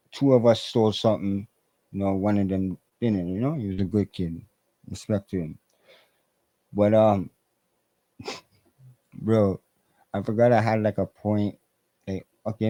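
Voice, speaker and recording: A man's voice: fairly low pitch, no room sound, rough recording. A man, a podcast guest telling stories in a loose, profane way and acting out the people in them. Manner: animated, profane, acts out quoted voices. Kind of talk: casual storytelling.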